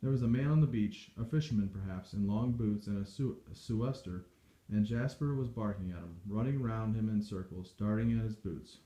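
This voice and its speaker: A man reading a novel aloud in steady, measured storytelling. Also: on the low side. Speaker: audiobook reader. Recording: dull echoey home recording.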